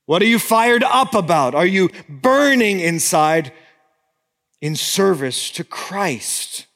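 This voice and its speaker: A man preaching a sermon as pastor, swinging between fervent exhortation and hushed, intimate appeals. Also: high voice, sing-song, takes it slowly, big-room sound.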